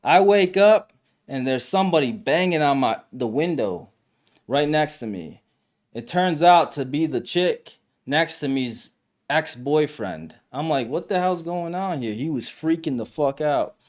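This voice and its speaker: A man's voice: fairly high pitch, expressive, unhurried. A young man hosting a live stream podcast, telling stories and chatting casually with slang and fillers. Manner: loose storytelling, lots of slang and fillers.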